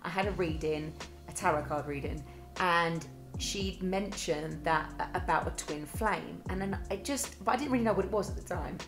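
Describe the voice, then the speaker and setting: A woman's voice: on the low side, normal speed, music in the background. A young woman, co-hosting a podcast in a bubbly, chatty way. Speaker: podcast co-host. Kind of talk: casual chat.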